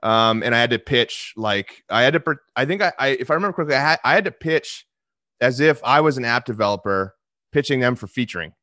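A man's voice: mid-range voice, lively intonation, fast talker, bright, forceful tone, dry recording, studio quality. A man chatting casually as a podcast guest, rambling with lots of restarts and fillers. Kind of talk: casual chat.

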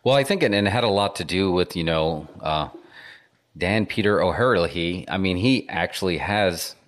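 Deep-voiced man hosting a podcast. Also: expressive, normal speed. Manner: curious, rambling questions with fillers. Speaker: podcast host. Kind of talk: podcast conversation.

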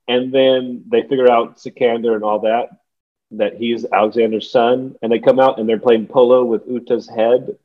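A man co-hosting a podcast chat about a film. He rambles through his points with plenty of "like" and breaks into laughter along the way. His voice sits at a middle pitch, and the recording sounds a little dull and lo-fi. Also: little pitch movement, normal speed. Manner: rambling, many "like" fillers, laughs often. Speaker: podcast co-host. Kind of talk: casual movie discussion.

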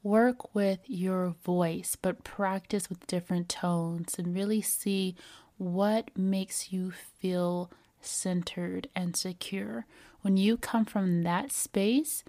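A woman podcast host giving steady, coaching advice in a calm, measured way. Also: mid-range voice. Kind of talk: advice talk on voice and attraction.

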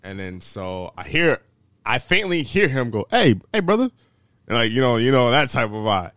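A young man co-hosting a podcast, telling a story in a lively, animated way, jumping into high voices for the people he quotes and laughing mid-sentence. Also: normal speed, clean tone, no room sound, studio quality. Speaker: podcast co-host. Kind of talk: casual storytelling chat.

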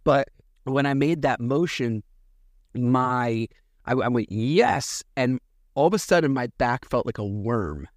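A man's voice: mid-range voice, measured pace, no echo. A man in his thirties hosting a solo podcast in a casual, meandering way, full of ums and uhs. He acts out bits of conversation as he tells a family story. His mid-range voice sounds close and dry, with no room around it. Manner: rambling, animated retelling with many fillers. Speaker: podcast host.

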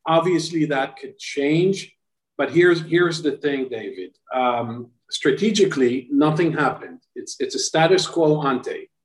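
A man's voice: fairly high pitch, measured pace, roomy sound, low-quality recording. A man who is a former Israeli diplomat, giving analysis as a podcast guest in a conversational way with many restarts. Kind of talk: podcast interview answer. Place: Tel Aviv.

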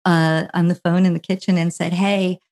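A middle-aged woman from New Jersey telling a long story as a guest, animated and full of fillers, acting out other people's quotes. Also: fairly low pitch, moderate pace. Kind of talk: casual anecdotal storytelling.

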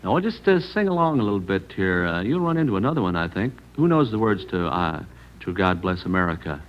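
A man's voice: sits low, very animated, brisk, muffled recording. A man hosting a 1940s radio quiz show, jovial and teasing with the children. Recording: noisy vintage radio recording.

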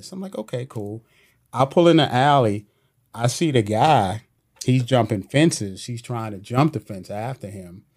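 Man telling a police story, animated. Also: mid-range voice. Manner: animated retelling with slang and quoted voices. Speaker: police officer guest. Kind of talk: casual storytelling interview. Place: podcast studio.

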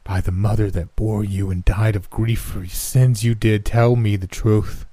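A man voicing an ancient, withered old nurse who speaks in a hushed, insistent, solemn way. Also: fairly low pitch, fairly even intonation, a little slow, dry recording.

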